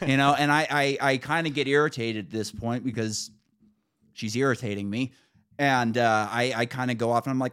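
A man's voice: medium pitch, a little fast, smooth. Exasperated man telling a story. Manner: animated, exasperated retelling with profanity. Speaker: podcast host. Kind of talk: casual storytelling chat.

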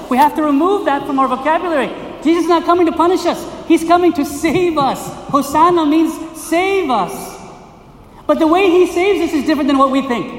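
Male pastor, very high voice, animated sermon, distant mic in an echoing hall. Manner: animated, acts out quoted voices, asks the crowd questions. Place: community center hall. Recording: echoey hall, voice from far off.

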